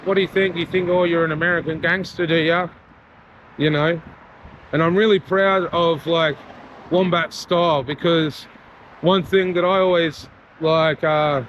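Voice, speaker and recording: A man with an Australian accent, voice on the high side, chats casually as he walks around his area, sincere, loose and full of "you know." He's a vlogger and rapper doing a relaxed, heartfelt walk-and-talk through a town street and mall, caught on a lo-fi, noisy outdoor recording.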